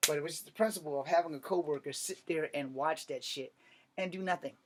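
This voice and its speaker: A man with a slightly higher voice recounting a story from his past. He talks bluntly and swears freely, with animated emphasis. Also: fairly quick. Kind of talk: casual storytelling monologue.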